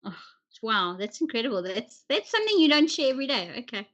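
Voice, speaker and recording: A woman's voice: fairly high pitch, big pitch swings, a bit bright, dull audio. Chatty woman hosting with many ums. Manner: chatty, many ums, quick question-asking. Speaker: interview host. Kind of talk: casual chatty interview.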